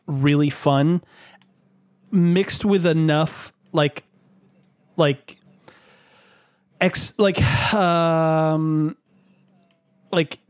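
A young man with a fairly high voice rambles through casual gaming chat. His talk is full of fillers and curses, and the sound is dry and close. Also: darkish tone, no echo. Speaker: podcast co-host.

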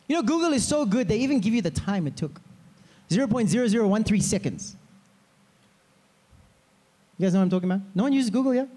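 A man preaching a sermon as pastor, in a lively way, often asking the congregation to repeat words after him. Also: high-pitched, a little fast, pauses often. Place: church hall. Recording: long hall reverb.

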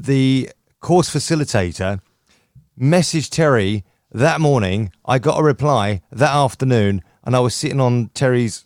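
In a casual podcast chat, a middle-aged radio presenter from the UK tells stories enthusiastically, frequently starting over. He has a darkish, mid-range voice. Clean studio sound, no echo.

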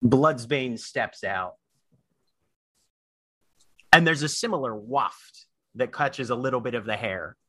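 A man running a tabletop game as storyteller, narrating scenes in a measured, descriptive way. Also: mid-range voice, pushed and bright, slightly rough, dry recording.

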